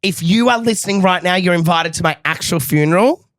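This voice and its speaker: A young Australian man co-hosting a podcast, telling stories in a lively, swearing, casual way. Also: high-pitched, a little fast, no echo, studio quality. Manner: animated, swears freely, acts out quotes. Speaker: podcast co-host. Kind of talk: casual chat, storytelling.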